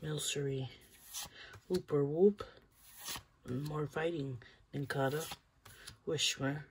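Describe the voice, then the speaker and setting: A channel host giving casual commentary while opening trading cards, chatty and talking straight to the viewers, with bursts of excitement over good pulls. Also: medium pitch, slow, pauses often, breathy edge.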